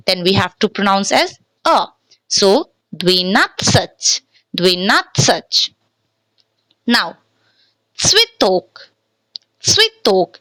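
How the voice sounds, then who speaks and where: A woman's voice: on the high side, bright, forceful tone, dry recording, low-quality recording. A woman teaching a language lesson from slides, speaking patiently, repeating words and checking in with "okay?", and switching between English and Hindi.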